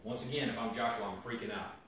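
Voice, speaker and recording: A man preaching a casual, joking sermon, talking with the crowd in an animated way. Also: on the low side, fast, slight background noise. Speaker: youth preacher. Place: church gathering hall. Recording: echoey hall from far off.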